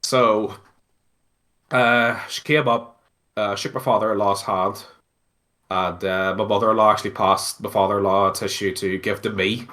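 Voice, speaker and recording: A man with a Belfast accent, telling a story casually as an interview guest, animated and swearing freely between lots of fillers. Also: on the low side, moderate pace. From Northern Ireland.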